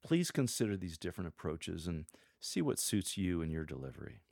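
Guy coaching church readers, lowish voice, dry close mic, calm and measured, reads lines out to demo. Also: creaky, dry recording. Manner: measured, demonstrates readings aloud. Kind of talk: scripted teaching narration.

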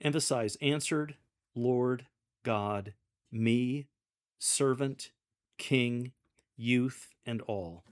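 Slow, measured man coaching scripture readers. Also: medium pitch. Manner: measured, deliberate delivery. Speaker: lector coach. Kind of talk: instructional coaching on scripture reading.

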